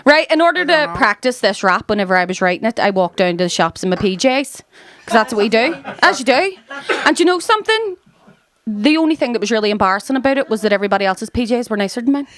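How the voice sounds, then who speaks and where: A brash woman with a Belfast accent works a live crowd in a stand-up set, swearing freely and firing off quick banter. Her voice sits a little high for a woman. An audience laughs loudly behind her. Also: animated. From West Belfast, Northern Ireland. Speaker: stand-up comedian.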